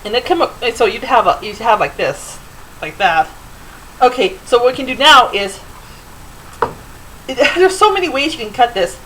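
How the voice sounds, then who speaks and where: A woman's voice: a little high, animated, moderate pace, long pauses, fairly bright tone, a little hiss or hum, low-quality recording. A middle-aged woman hosting a home cooking show, chatting loosely with fillers as she demonstrates in her kitchen.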